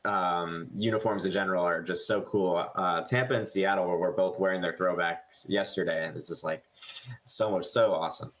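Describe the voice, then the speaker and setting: A man's voice: sits low, fairly even intonation, moderate pace. A man on a podcast crew, easygoing, chiming in with short remarks and laughing often.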